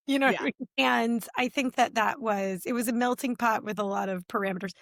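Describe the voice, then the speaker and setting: A woman co-host with a higher-pitched voice talks in a casual, animated way and slips into quoted voices as she tells her stories. The sound is dry and close, with no room echo. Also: fairly quick. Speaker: podcast co-host. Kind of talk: casual chat.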